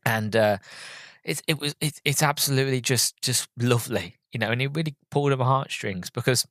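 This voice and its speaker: A man's voice: mid-range voice, fairly quick, a bit bright, no room sound. Earnest man, dry close sound. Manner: earnest, heartfelt and rambling, with many restarts. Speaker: podcast host. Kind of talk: casual film review.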